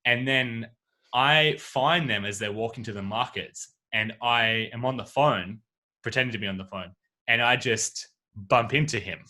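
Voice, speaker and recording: A man spins an anecdote on a casual podcast, his voice bright and forward. He jumps into the voices of everyone in his story as he goes, and he is talking into a home video-call mic. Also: medium pitch, a little slow. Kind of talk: casual chat. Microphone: video call microphone.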